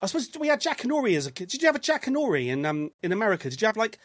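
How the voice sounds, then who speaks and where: A man's voice: sits high, very animated, very fast, no room sound, clean studio sound. An English man hosting a podcast in casual, rambling chat, often stopping and restarting his sentences. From England. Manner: chatty, rambling, self-interrupting. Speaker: podcast host.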